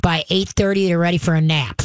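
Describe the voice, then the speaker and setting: A woman dog trainer fields a caller's questions on a radio advice show, in a dry, close studio sound. She talks briskly and firmly, with quick asides, and now and then drops her voice into a slow, deep growl to show how a command should sound. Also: steady tone, smooth, no echo.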